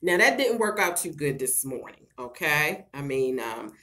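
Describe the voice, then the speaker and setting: A woman's voice: deep voice, sing-song, moderate pace, a bit bright. A middle-aged woman vlogging in a casual chat to camera, talking frankly to her viewers, with laughter and a lot of swearing. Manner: frank, profane and laughing, talks straight to viewers as "girl".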